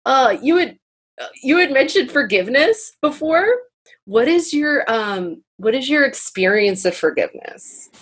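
A husky-voiced woman hosting a relaxed conversation. She tells animated stories and breaks into easy laughter. Her tone has a slightly breathy edge. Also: high-pitched, unhurried. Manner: laughs freely, animated storytelling. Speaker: podcast host. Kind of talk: casual conversation.

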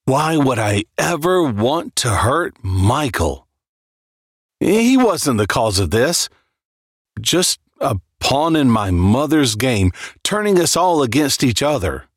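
A man narrating a dark first-person horror story as a dramatic reading, with a brooding, deliberate delivery. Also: mid-range voice, no room sound, clean studio sound.

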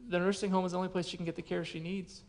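Preaching as a pastor, this man shares a personal story earnestly and frequently sinks into a hushed voice. He speaks in a high, level tone at a racing pace.

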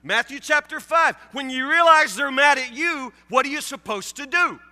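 A man's voice: very high-pitched, lively intonation, moderate pace, sharp tone, in a large hall, soft background music. A male pastor preaching a sermon with emphatic repetition, acting out his listeners' objections. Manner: emphatic, repeats key phrases, acts out listeners' objections.

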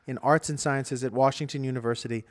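A man co-hosting a comedy podcast, reading a news item slowly and deliberately. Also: medium pitch, fairly even intonation, dry recording, clean studio sound. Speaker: podcast co-host.

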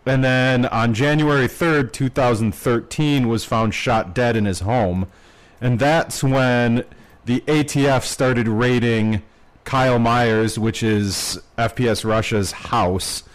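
Slowly and with plenty of fillers and curse words, a podcast co-host with a mid-range voice meanders through a casual story. The recording is low in quality.

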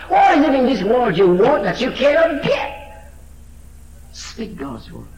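A male preacher with a high voice that leaps and swoops as he drives home his sermon. He swings from fervent shouting to quiet, low asides, and the sound rings in a reverberant hall. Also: slight background noise.

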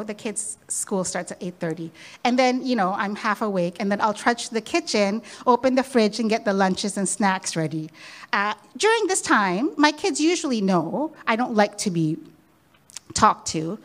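A middle-aged woman giving a sermon in an easy, conversational manner. She keeps returning to key phrases and leans on them with emphasis. Her voice sits at a middle pitch for a woman. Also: animated, a little fast, fairly bright tone. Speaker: preacher.

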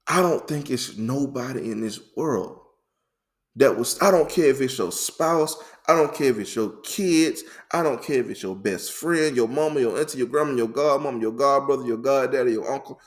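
A man co-hosting a faith talk, telling his story in a lively, repetitive, conversational way full of slang. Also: mid-range voice, moderate pace. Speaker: faith podcast co-host.

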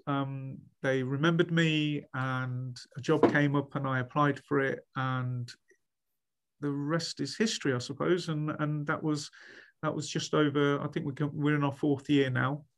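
A man, a head teacher being interviewed, chatting animatedly with many restarts and acting out what others said. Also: a little high. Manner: animated storyteller, many restarts, acts out quoted speech. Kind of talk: casual podcast interview.

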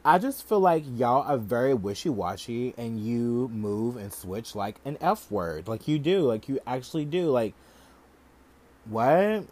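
A young man hosts a podcast and vents his opinions in a loose, heated rant. He swears often and leans on "like" between nearly every phrase. His voice sits at an ordinary middle pitch. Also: lively intonation, unhurried, darkish tone. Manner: heated, profane, heavy use of "like". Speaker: podcast host. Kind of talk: casual ranting commentary.

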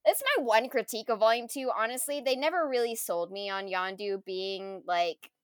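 A woman in casual conversation reviewing a film, animated and full of fillers and laughs. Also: medium pitch, moderate pace, clear, resonant tone, no room sound, clean studio sound.

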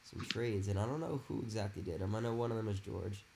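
A man's voice: on the low side, quick pace, creaky, a little mellow, a little hiss or hum. A man who is a guest on a podcast, chatting casually about a fantasy league and rambling with lots of "it's like" and "you know". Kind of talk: casual fantasy football chat.

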